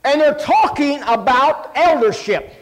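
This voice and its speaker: Brief: high-voiced male preacher, animated, self-mocking, booming hall. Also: measured pace. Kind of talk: sermon with personal stories. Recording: long hall reverb.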